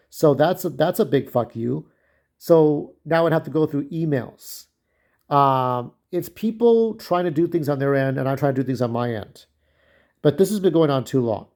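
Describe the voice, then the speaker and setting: A man's voice: mid-range voice, warm tone. A young man delivering an angry, profane personal rant to camera, often repeating himself and restarting sentences. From United States. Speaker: vlogger.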